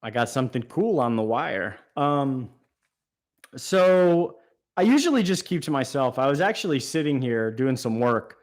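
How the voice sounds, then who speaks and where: A man's voice: mid-range voice, big pitch swings, moderate pace. A man hosting a casual live stream, reading out viewer comments and answering them enthusiastically off the cuff. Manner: enthusiastic, talks off the cuff with fillers and restarts. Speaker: aquarium channel host.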